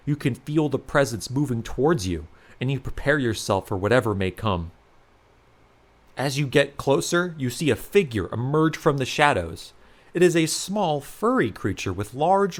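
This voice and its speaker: A man narrates a second-person fantasy adventure as a storybook reading. His voice sits in the middle range but moves a lot in pitch, giving the reading an expressive lift.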